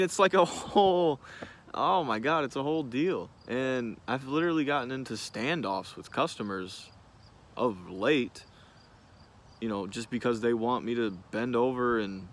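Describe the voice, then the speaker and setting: A man's voice: mid-range voice, slight background noise. A man in his twenties who owns a service business, talking casually and frankly to the camera, rambling with lots of fillers. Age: 20s. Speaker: business owner, vlogger.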